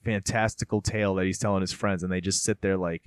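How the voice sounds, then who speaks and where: A man hosting a casual podcast chat, telling stories in a rambling, animated way with lots of fillers. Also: low-pitched, quick pace, clear, resonant tone, dry recording, clean studio sound. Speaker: podcast host.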